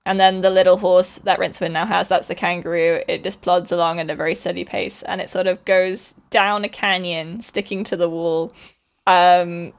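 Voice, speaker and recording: A woman's voice: lowish voice, level tone, normal speed, vocal fry. A woman co-hosting a podcast, telling a story in a loose, rambling way. She fills her talk with "like" and "um" and laughs often. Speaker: podcast co-host. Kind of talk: casual chat, retelling a book.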